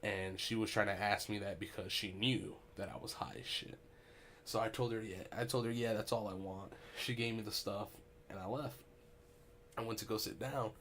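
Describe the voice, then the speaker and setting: A man's voice: on the low side, moderate pace, slight background noise. Young man telling a profane story. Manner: animated, profane, laughing asides. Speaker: podcast host. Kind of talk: casual storytelling.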